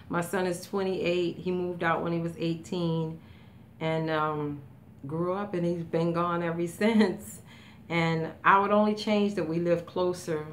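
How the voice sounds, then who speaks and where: A woman in her fifties talking in a casual vlog, emotional and rambling, with many fillers and halting restarts. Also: lowish voice, a little hiss or hum. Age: 50s. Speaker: vlogger. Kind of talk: casual tag video, answering questions.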